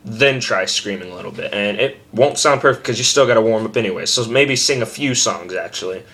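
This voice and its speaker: A young man giving a casual, rambling tutorial on screaming, self-deprecating and loose, with sudden loud scream demos. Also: on the low side, brisk.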